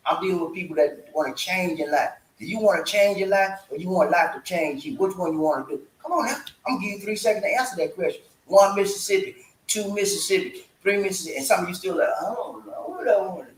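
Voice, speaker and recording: A man with a high, lively voice gives motivational talk in a vlog, preachy and playful. He keeps firing questions at his listeners and cracking jokes. The room around him rings with echo. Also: slight background noise. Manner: preachy and animated, asks the audience questions and jokes. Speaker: relationship vlogger.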